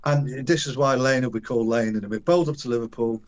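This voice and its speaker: An older man spins a rambling story for an interviewer, full of slang and half-finished restarts. He slips into the voices of the people in his tale and breaks off with little chuckles. His voice sits at an ordinary middle pitch. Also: fast talker, dull audio. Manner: animated, acts out quoted voices, frequent restarts and chuckles; colloquial, earthy slang. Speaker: interview guest. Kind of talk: casual storytelling anecdote.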